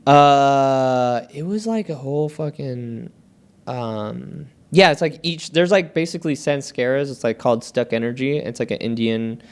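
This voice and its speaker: A man's voice: mid-range voice, a little slow, clear, resonant tone. A man co-hosting a casual podcast chat, talking candidly and profanely in a rambling storytelling way.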